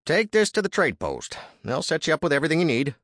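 Male narrator putting on a quick, high, businesslike frontier clerk, audiobook. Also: big pitch swings, a bit bright, no room sound, studio quality, exaggerated voice. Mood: brisk.

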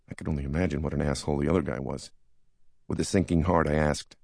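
Very deep, gravelly male narrator. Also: fairly even intonation, quick pace, a little mellow, no echo, studio quality. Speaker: audiobook narrator. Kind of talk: first-person memoir narration.

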